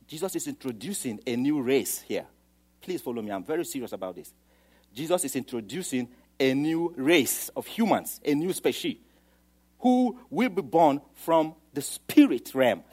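A man delivers a sermon in a somewhat high voice. He moves between hushed, low asides and loud, emphatic declarations. He acts out the voices of the people in his story. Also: husky. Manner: dramatic, swings from soft to loud, acts out quoted voices. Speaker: preacher.

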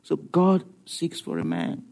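A male preacher with a high-pitched voice delivers a sermon. He talks in an animated, rhetorical style, asking questions and joking along the way. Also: unhurried, vocal fry. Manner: animated, rhetorical, laughs at his own jokes.

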